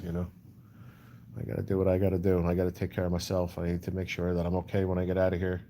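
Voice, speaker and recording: A man's voice: deep voice, vocal fry, mellow, a little hiss or hum. A man hosting a casual livestream, answering chat comments in a rambling way, full of "you know". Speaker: livestream host.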